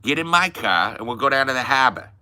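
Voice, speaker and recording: A man's voice: medium pitch, expressive, fast talker, sharp tone, clean tone, pitched above the performer's own voice. A man putting on a Boston accent, playing a bossy working-class local barking orders. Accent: Boston (put on).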